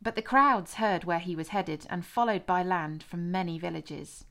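A woman narrating a scripture passage in a measured, expressive reading. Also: lowish voice. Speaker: scripture reader.

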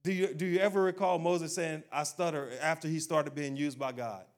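A man preaching a sermon, speaking directly to his congregation and acting out people's doubts in a low, quiet voice. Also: steady tone, moderate pace. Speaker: pastor.

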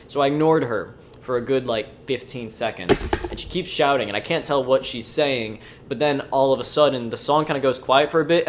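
A man's voice: medium pitch, a little hiss or hum. A man co-hosting a podcast, telling a story in casual chat and acting out its voices, with some swearing. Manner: animated storyteller, swears freely, acts out voices in the tale. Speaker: podcast co-host.

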